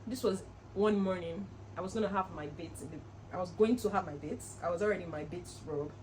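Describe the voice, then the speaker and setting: A woman's voice: fairly low pitch, a little fast, a little hiss or hum, poor audio. Earnest young woman telling a story. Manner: earnest, animated, with laughs and reenacted quotes. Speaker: vlogger. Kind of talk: personal storytelling to camera.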